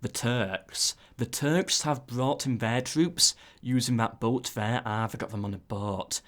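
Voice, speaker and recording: Guy commentating a strategy game, lots of "ooh"s, middle pitch. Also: measured pace. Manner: excitable, frequent "ooh"s and asides. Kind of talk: casual play-by-play commentary.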